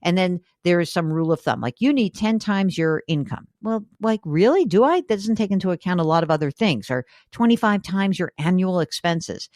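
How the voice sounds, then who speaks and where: A woman hosting a call-in radio advice show, chatty and emphatic, with her pitch jumping up when she gets excited. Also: a little fast, hardly any pauses, no room sound, clean studio sound. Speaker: radio and podcast host.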